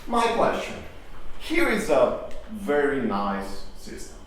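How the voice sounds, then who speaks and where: A man's voice: medium pitch, huge pitch swings, slow pace, fairly bright tone. A man giving a conversational conference talk, often asking the audience rhetorical questions and restarting his phrases. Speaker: conference speaker. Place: conference hall. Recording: echoey hall, distant mic, faint noise.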